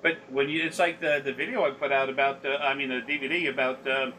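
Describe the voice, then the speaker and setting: A man's voice: mid-range voice, fairly even intonation, fast, pushed and bright, slight background noise, poor audio. A man talking as a spiritual consultant in rambling, profane casual chat that often turns preachy.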